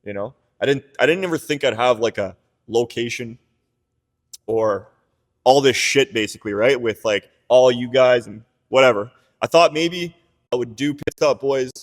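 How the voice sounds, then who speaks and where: A young man from Canada talks through his story in loose podcast chat, circling back with restarts and frank swearing. His voice sits in an ordinary middle pitch. The sound carries a long, echoing room reverb. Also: moderate pace. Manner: rambling, many "like"s and restarts, candid, swears. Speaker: business owner telling his story.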